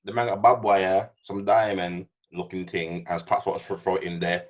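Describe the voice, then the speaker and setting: Young male co-host, deep-ish voice on a muffled mic, blunt jokey banter. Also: level tone, moderate pace. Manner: blunt, joking, slang-heavy. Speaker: podcast co-host. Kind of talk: casual chat. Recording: dull lo-fi sound.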